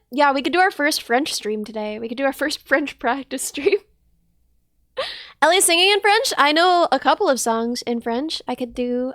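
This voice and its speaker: A woman livestreaming in a casual, playful chat with viewers, her voice a bit hoarse, thanking people and joking about herself. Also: sits high, fairly bright tone, no echo, studio quality.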